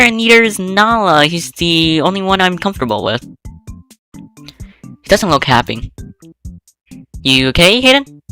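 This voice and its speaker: A woman streamer narrates a visual novel in an even, steady way. Her voice sits low yet sounds crisp and bright. Faint game music plays underneath. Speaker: let's play streamer. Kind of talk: reading a visual novel aloud.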